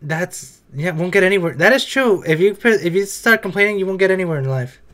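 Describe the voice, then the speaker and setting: A man giving casual anime reaction commentary, excitable and swearing as he blurts out his reactions. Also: high-pitched, brisk. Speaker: anime reaction video creator.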